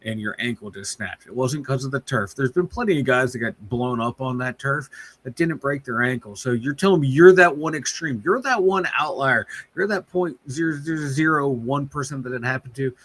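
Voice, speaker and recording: A man's voice: normal speed, a bit bright. A man co-hosting a casual sports podcast, ranting heatedly and swearing a lot. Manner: heated, profane ranting with big pitch swings. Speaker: podcast co-host.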